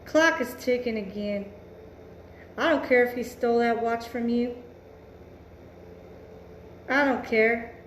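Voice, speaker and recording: A woman's voice: fairly high pitch, takes it slowly, pauses often, reverberant, slight background noise. A woman giving a casual tarot reading, blunt and emphatic, swearing freely and musing aloud. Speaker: tarot reader.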